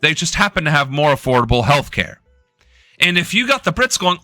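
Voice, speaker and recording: A man's voice: on the high side, sing-song, a little fast, pushed and bright, no room sound, clean studio sound, soft background music. Tense, sarcastic profane young man. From United States. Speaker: political streamer host. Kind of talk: live-stream political commentary.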